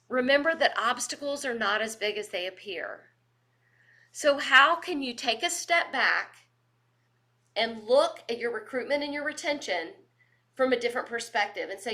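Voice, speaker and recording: A woman's voice: fairly high pitch, moderate pace. A woman, giving a virtual leadership training and telling stories with energy and laughter over a video call microphone. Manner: energetic, animated storyteller who laughs often. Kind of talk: virtual training lecture with storytelling.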